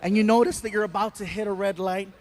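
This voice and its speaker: A man performing stand-up comedy, telling a story in an animated way with bursts of shouting. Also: high-pitched, fast.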